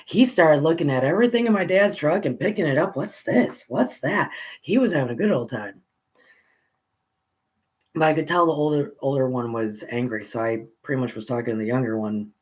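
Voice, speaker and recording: A man casually tells a personal story from his childhood, rambling with pauses and restarts. His pitch rises when he gets excited.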